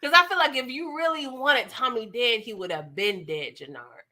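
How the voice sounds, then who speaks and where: High bright animated woman host. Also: normal speed. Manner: animated, slangy, laughs and mocks. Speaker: TV recap host. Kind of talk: casual live-stream recap chat.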